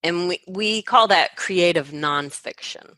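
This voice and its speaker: A woman hosting an interview with a speaker, talking in a measured way and often laughing along. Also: fairly low pitch, bright, forceful tone, dry recording. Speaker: host and speaker coach. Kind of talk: interview conversation.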